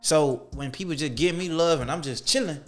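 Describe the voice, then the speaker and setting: A young man from Atlanta, a podcast guest talking casually and preaching his views with slang and lively storytelling. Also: on the high side, fairly quick. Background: faint music.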